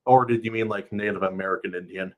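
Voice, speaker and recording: Low-voiced man reading aloud live. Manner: casual, laughs often, chats with viewers between passages. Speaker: streamer reading a novel aloud. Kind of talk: live-streamed book reading and chat.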